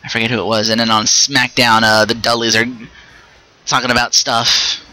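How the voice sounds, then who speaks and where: A man hosting a casual solo podcast, rambling and restarting his sentences, with quick asides while he plays a game. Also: mid-range voice, level tone, pushed and bright, no echo, poor audio. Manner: rambling, stops and restarts mid-thought; chatty, with short asides while playing a video game. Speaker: podcast host.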